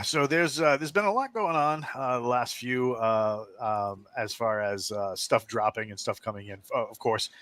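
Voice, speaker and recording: Bright-voiced man hosting a casual podcast. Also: on the low side. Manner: rambling, many fillers and restarts. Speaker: podcast host. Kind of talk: casual group chat over video call.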